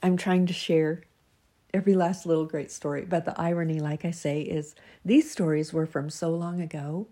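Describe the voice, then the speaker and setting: Low, husky, gravelly woman, slow and soft. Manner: soft-spoken, drifts into whispers; earnest and emotional, laughs at herself. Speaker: devotional writer reading her own work. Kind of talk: reflective devotional reading.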